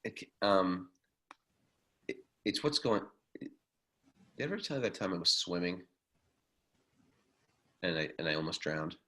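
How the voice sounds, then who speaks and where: A man co-hosting a podcast, telling a story in a lively, casual way and acting out the quotes. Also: low-pitched, unhurried, long pauses, low-quality recording. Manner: animated storyteller, acts out quotes. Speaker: podcast co-host.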